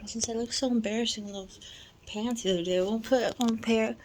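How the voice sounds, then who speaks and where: Woman, casual vlog chat, higher voice, laughs a lot, noisy home recording. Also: steady tone, brisk. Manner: chatty and self-mocking, laughs often. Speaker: vlogger. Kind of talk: casual vlog talk to camera.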